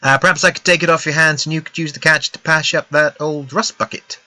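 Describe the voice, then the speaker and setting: A man voicing a scheming male alien fixer from a space game, in a smooth, wheedling dealmaker tone. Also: fairly high pitch, steady tone, fairly quick, bright, forceful tone, dry recording.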